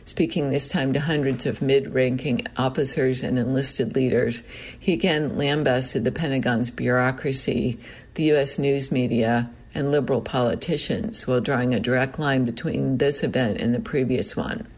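Male news reader, mid-pitched, steady measured read of a written report. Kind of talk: reading a news report aloud.

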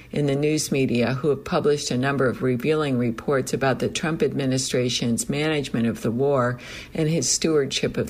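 A man reading a news report aloud in a steady, measured delivery. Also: mid-range voice, breathy edge. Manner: steady, measured read with a self-correction. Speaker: news reader.

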